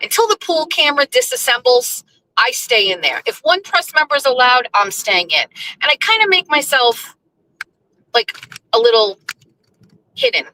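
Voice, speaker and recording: A woman's voice: sits high, very animated, normal speed, pauses often, sharp tone, slight background noise, poor audio. A woman hosting a casual live chat from her car while she drives, chatty, scattered and blunt, sounding emotional and overwhelmed. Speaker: host. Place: car, driving.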